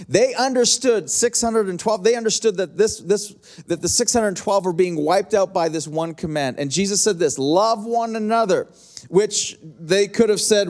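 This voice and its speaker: A middle-aged man preaching a sermon as pastor, in a conversational, repetitive style that slows down to stretch key lines. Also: sits high, darkish tone.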